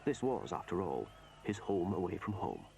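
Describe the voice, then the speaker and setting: Man, documentary narrator, gravelly, low, music bed. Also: big pitch swings, moderate pace, noisy background. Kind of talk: scripted narration. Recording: narration over loud music.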